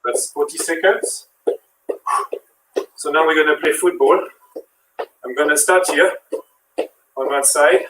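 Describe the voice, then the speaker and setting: A man's voice: a little high, unhurried, pauses often, echoey room, far from the mic, background noise. A man with a French accent, a fitness instructor who counts reps and coaches while he exercises. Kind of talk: live workout demonstration.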